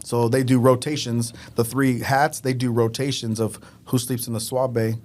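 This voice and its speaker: A man telling casual stories as a podcast guest, animated and often laughing as he talks. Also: mid-range voice, moderate pace. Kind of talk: casual storytelling.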